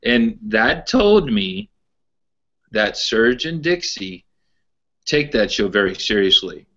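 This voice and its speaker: Guy cohosting a podcast, lowish voice, rambles and repeats himself, kinda muffled sound. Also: sing-song, slow pace, fairly bright tone. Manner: rambling storyteller, repeats words. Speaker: podcast co-host. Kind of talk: casual chat. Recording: dull lo-fi podcast audio.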